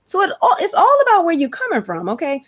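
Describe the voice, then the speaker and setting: A woman's voice: very high voice, fast talker. A woman with a Georgia accent hosting a casual live stream, chatty and slangy. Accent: Georgia, US South. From Atlanta, USA. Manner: chatty, lively, slangy, exclamatory. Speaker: host.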